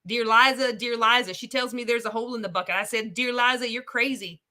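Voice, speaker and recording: A crusty old male prospector, put on by a woman who mocks him. He drawls and keeps calling the listener son and partner. The voice is bright and sits fairly high. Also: measured pace. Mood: mocking. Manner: mocking drawl, calls people son and partner.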